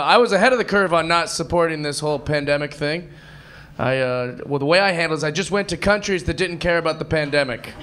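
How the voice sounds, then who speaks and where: This high-voiced man in his thirties does energetic stand-up on a club stage, speaking into a handheld mic. A full crowd laughs loudly behind him throughout. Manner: energetic, jokey, acts out others in voices. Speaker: stand-up comedian. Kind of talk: stand-up comedy. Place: comedy club stage, indoors. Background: audience laughter.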